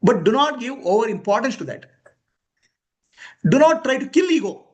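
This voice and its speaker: High, lively male teacher. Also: moderate pace. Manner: emphatic, questioning, chuckling often. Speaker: spiritual teacher. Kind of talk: spiritual discourse to students.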